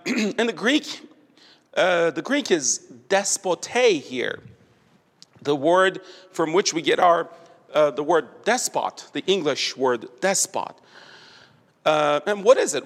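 A man preaching an expository sermon, deliberate and building to emphatic stresses. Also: high-pitched, fairly bright tone. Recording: long hall reverb.

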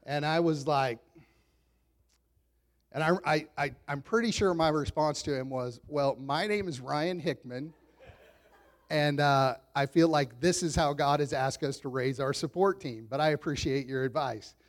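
A man in his thirties preaching a sermon in a relaxed, conversational storytelling way, self-deprecating and chuckling often. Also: on the high side, unhurried. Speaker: pastor.

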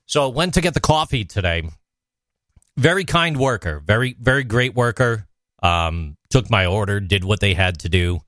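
A man co-hosting a casual podcast, telling an everyday story in an easygoing, relaxed way. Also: lowish voice, normal speed, no echo, studio quality. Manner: easygoing, relaxed storytelling, reads news aloud. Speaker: podcast co-host.

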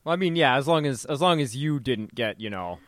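A man's voice: medium pitch, animated, brisk, fairly bright tone. A man in a casual chat making wry, sarcastic asides.

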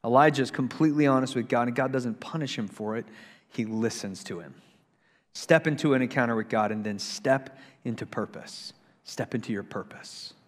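A male pastor preaching a sermon in a church, swinging between loud, excited preaching and hushed intensity, emphatic and repetitive. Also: medium pitch, a little fast. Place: church sanctuary. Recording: long reverb of a large hall.

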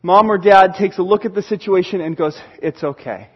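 A man's voice: high voice, steady tone, fairly quick, highs cut off. A male pastor preaching a conversational sermon, reading scripture and acting out short scenes.

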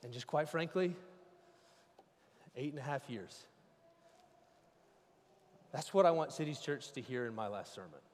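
A man's voice: medium pitch, animated, unhurried, long pauses. Impassioned male pastor in a reverberant hall. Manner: impassioned preaching, swinging from loud cries to hushed speech. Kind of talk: sermon.

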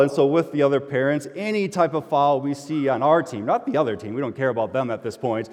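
A middle-aged pastor tells a personal story from the pulpit in an easygoing, chatty way. His voice sits at an ordinary male pitch and swells loud and animated when he gets worked up. A long reverb from the hall trails behind every line. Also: brisk, few pauses. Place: church sanctuary.

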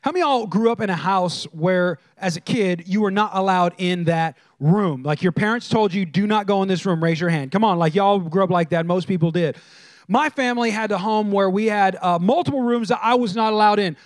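A man's voice: high-pitched, brisk, no room sound, studio quality. A man preaching a sermon, telling funny stories and drawing in the crowd with questions. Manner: animated, engages the crowd with questions. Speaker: pastor. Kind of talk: humorous storytelling sermon.

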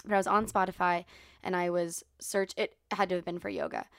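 A woman's voice: on the low side, fairly even intonation, a little fast, no room sound, studio quality. A woman co-hosting a podcast in casual chat, a yoga instructor who giggles and over-explains her stories.

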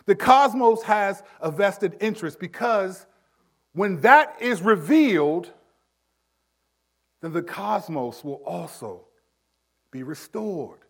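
Delivering his sermon slowly and with long pauses, this pastor, whose voice is notably high, stays animated and conversational, often turning to listeners with asides. He leans hard into key words before falling almost to a whisper, swinging between loud and hushed.

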